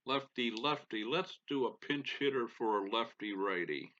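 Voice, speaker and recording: A man's voice: medium pitch, moderate pace, sharp tone, highs cut off. A middle-aged man hosting a gaming channel, calling a baseball sim game play-by-play and muttering to himself with folksy exclamations.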